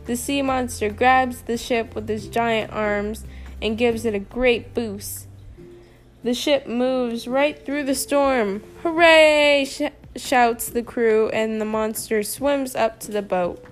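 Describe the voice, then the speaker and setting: A woman reads a children's picture book aloud at an unhurried pace, in a fairly high voice. She lifts the dialogue with playful expression, over faint music in the background. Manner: slow, expressive reading with lively character lines. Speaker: storybook reader.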